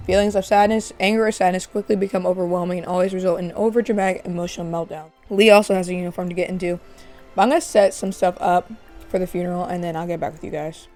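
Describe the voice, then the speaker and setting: A woman's voice: lowish voice, a little mellow. A woman hosting a casual let's-play, chatting as she narrates her game. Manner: chatty, narrates while playing. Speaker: gaming channel host.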